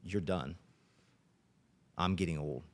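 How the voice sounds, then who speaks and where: Very deep-voiced middle-aged man. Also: slow pace. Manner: earnest, plain-spoken storyteller. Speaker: police officer and guest. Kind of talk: podcast interview storytelling.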